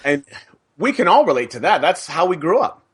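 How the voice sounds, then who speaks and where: A man's voice: fairly high pitch, sing-song, fairly quick, fairly bright tone, slight background noise. A man co-hosting a podcast, talking earnestly and explaining his point with statistics. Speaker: podcast co-host. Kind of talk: casual podcast discussion.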